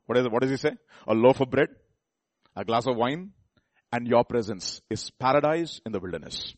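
A man's voice: medium pitch, no echo. A man preaching a sermon in a conversational way, often asking the congregation questions and restarting his sentences.

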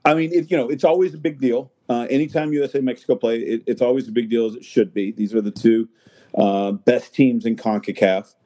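A man's voice: mid-range voice, steady tone, brisk, mellow. A man talking soccer in a loose, rambling way, with lots of fillers and restarts. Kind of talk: casual chat.

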